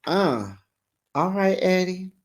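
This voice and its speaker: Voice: medium pitch, expressive, slow. A sassy, gossipy host giving a casual recap of a reality TV episode and talking straight to viewers.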